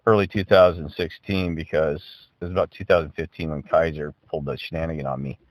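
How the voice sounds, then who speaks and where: A middle-aged man telling a long story in casual chat, animated and profane, acting out both sides of a phone call. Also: rumbling low, fast, heavy background noise. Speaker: podcast co-host.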